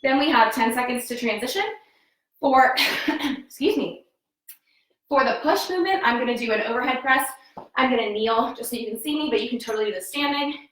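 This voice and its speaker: An upbeat woman fitness coach works out at home, giving live instruction and calling out form cues, sounding a bit winded. Her voice is a touch high and a bit bright, fairly quick, recorded from a distance in a very echoey room.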